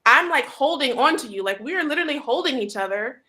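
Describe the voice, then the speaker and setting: A woman hosts a relaxed group conversation, recounting events with lively, animated delivery. Her voice sits a little high and she scatters fillers and laughs through her talk. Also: fast talker. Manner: animated storytelling with frequent "like" and laughter. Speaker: host. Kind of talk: casual group chat.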